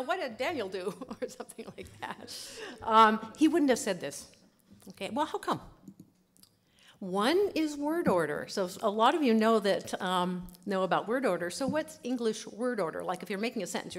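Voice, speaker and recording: A woman linguist giving a lively conference lecture, chatty, laughing often and saying "okay" a lot. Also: medium pitch.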